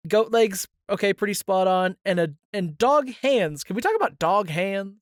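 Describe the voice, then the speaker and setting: A man's voice: high-pitched, lively intonation, moderate pace, no echo. Man with dry, wry quips. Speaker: podcast co-host. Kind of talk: casual comedic chat.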